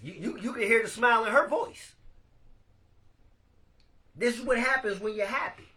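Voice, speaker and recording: A man hosting a casual live-stream podcast, animated and laughing as he talks to his viewers. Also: extremely high pitch, normal speed. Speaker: podcast host.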